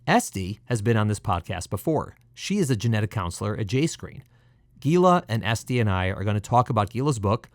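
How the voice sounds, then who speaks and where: A man's voice: lowish voice, dry recording, studio quality. A man hosting a podcast interview over a phone call, upbeat and chatty. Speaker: podcast host, doctor.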